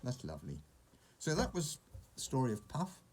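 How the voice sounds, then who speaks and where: A man reading a picture book aloud to a child, pausing to point at pictures and ask questions. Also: medium pitch, huge pitch swings, a little hiss or hum. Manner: gentle asides, asking the child questions.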